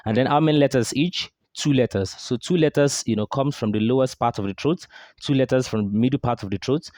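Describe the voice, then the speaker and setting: A man teaching Quran recitation, drilling throat sounds slowly with exaggerated demonstrations and quizzing his listeners as he goes. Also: medium pitch, a little mellow, dry recording, studio quality. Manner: drills sounds slowly, asks and answers his own questions. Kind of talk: pronunciation lesson.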